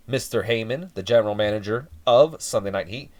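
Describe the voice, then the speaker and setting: A man's voice: fairly low pitch, a little fast, hardly any pauses, a little mellow. A man giving casual game commentary, reading off results with dry, wry asides. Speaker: let's play commentator.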